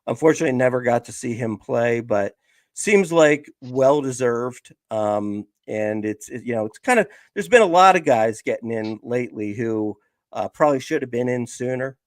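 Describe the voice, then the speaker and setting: A man's voice: mid-range voice, moderate pace, dry recording. A man, chatting casually on a sports podcast and rambling through lots of fillers. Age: 50s. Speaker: podcast host.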